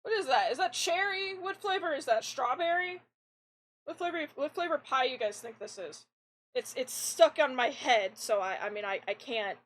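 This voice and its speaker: This is a casual live-stream chat from a young woman playing a game, speaking at normal speed in a high, fairly androgynous voice. She rambles animatedly into a desk mic and often restarts. The recording is low quality.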